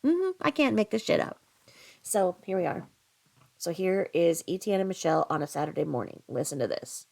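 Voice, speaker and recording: A woman's voice: fairly low pitch, big pitch swings, a little fast, vocal fry, darkish tone. A woman hosting a commentary channel, ranting bluntly and profanely about another online creator. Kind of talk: angry commentary.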